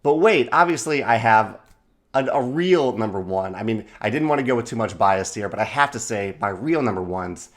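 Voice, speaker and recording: A man's voice: lowish voice, animated. A man casually talking to camera in a video, speaking fondly with frequent fillers and restarts. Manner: halting, many restarts and fillers, affectionate. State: briefly emotional, voice catching. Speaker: board game publisher vlogging. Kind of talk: casual unscripted video talk.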